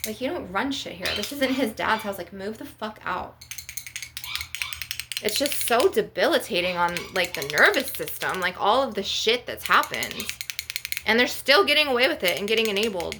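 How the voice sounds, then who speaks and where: A woman's voice: medium pitch, moderate pace, noisy background. A woman venting in a vlog, anxious and stressed, rambling and swearing often. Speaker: spiritual vlogger.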